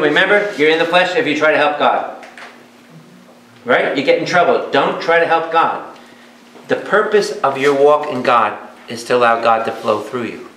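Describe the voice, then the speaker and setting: A man who is a priest teaching a Bible study. He talks in a lively way and keeps asking his audience questions. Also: on the high side. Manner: animated, asks the audience many questions. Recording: echoey hall with faint noise.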